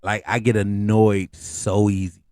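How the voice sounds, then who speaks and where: Speaking a little slowly, a middle-aged man hosts a podcast, the sound dry and studio-clean. His comedic storytelling is animated and full of slang, the voice going up on asides and springing higher on each punchline.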